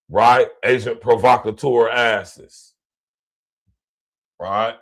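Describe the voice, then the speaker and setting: A man's voice: medium pitch, expressive, measured pace, creaky, a bit bright. A man hosting a podcast, reacting to clips with blunt, mocking slang-heavy commentary. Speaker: podcast host.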